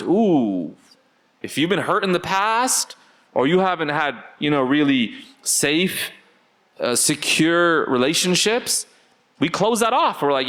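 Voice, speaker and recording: A man's voice: a little high, fairly bright tone. A man teaching a religious class in a conversational way, often asking the audience rhetorical questions.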